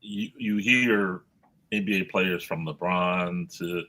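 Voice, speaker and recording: A man speaking as a panelist on a sports talk show, measured and hesitant. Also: sits low, steady tone, bright, forceful tone. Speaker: podcast panelist.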